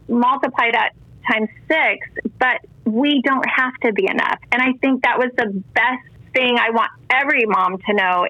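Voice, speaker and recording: A woman's voice: a little high, dry recording, lo-fi sound. A woman in her forties, a guest and mother of ten, talking earnestly about faith and motherhood with many restarts. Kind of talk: casual faith interview talk.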